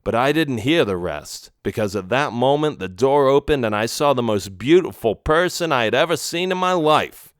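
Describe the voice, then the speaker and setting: A man narrating a first-person children's adventure story in an expressive storybook style. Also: medium pitch, smooth, no echo, studio quality. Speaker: audiobook narrator.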